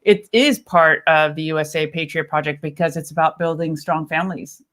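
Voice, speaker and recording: A woman's voice: low-pitched, fairly even intonation, normal speed, a bit bright. A woman co-hosting a casual livestream, adding short agreeing remarks and laughing often. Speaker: co-host.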